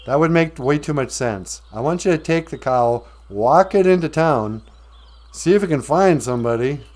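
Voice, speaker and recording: A man's voice: fairly high pitch, animated, normal speed, a little mellow, close to an everyday voice. A man putting on a nagging sarcastic mother. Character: exasperated scolding mother of Jack.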